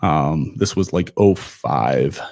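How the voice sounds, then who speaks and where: A man in his forties from Ohio, a guest on a podcast. He speaks in a relaxed, conversational way and briefly voices the people he quotes. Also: very deep voice, takes it slowly, no echo, clean studio sound. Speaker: podcast guest, former runner. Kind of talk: casual storytelling interview.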